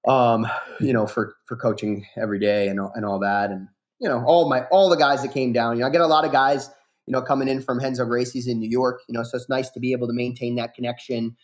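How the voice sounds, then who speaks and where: A man's voice: medium pitch, fast talker. Easygoing man rambling with fillers. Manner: relaxed, rambling, many fillers and restarts. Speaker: guest fighter. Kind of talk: casual podcast interview.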